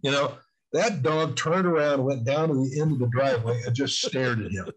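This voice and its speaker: An older man telling stories earnestly as a guest in an interview, with emphatic, drawn-out stresses on key points. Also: mid-range voice, slightly rough, rough recording. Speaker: guest on spiritual warfare. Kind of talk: storytelling in casual interview.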